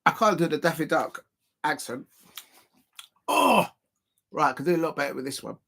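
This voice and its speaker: Chatty football stream host. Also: male voice, fairly high pitch, fairly even intonation, fast, creaky, fairly bright tone. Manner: rambling and chatty, laughing often. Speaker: football watch-along host. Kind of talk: casual live-stream commentary.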